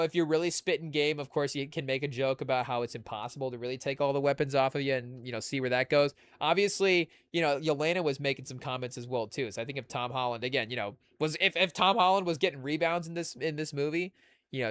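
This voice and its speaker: A man's voice: mid-range voice, a bit bright, clear, resonant tone, dry recording. A man hosting a podcast in casual chat, rambling and leaning heavily on "you know" fillers. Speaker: podcast host.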